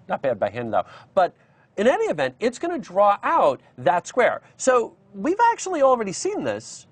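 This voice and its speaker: A man's voice: high voice, no room sound. Guy explaining code on a live stream, voice jumps up and down a lot, lots of uh and um. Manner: chatty, with many fillers and restarts. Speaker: programming instructor. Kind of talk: live-streamed coding lesson.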